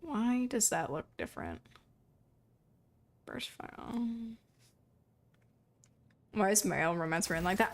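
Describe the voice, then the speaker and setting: A woman's voice: lowish voice, lively intonation, measured pace, pauses often. A young woman streamer commenting casually on a video game, exasperated, profane and laughing. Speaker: gaming streamer. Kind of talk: casual let's-play commentary.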